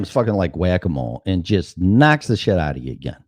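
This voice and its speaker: A man's voice: low-pitched, lively intonation, normal speed, hardly any pauses, darkish tone, no room sound, studio quality. A middle-aged man hosting a show, telling a rambling, profane story in a casual monologue. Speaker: show host.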